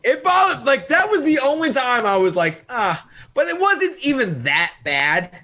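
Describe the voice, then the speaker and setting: Guy telling a story on a podcast, high bright voice, acts out his own lines. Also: very animated, normal speed. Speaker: podcast guest. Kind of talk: casual storytelling chat.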